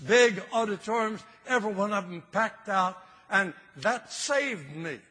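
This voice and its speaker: A man's voice: high-pitched, lively intonation, unhurried, pushed and bright, in a large hall. An older man preaching a sermon with fervor, repeating phrases for emphasis.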